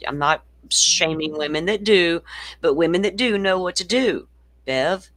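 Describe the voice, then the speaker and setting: A woman's voice: on the low side, expressive, unhurried, a bit bright, no room sound. Blunt Southern woman, casual chat. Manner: salty, blunt, swears freely. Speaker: host.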